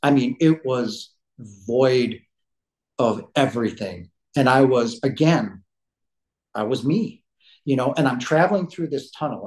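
A man's voice: medium pitch, darkish tone, rough recording. Emphatic, blunt man telling his story. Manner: rambling with many restarts and fillers. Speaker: podcast guest. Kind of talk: conversational interview storytelling.

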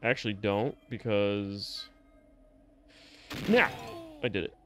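A man giving casual live commentary as he plays a game, reacting out loud, swearing freely and talking back to the game. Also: fairly low pitch, unhurried, a little hiss or hum. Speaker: streamer.

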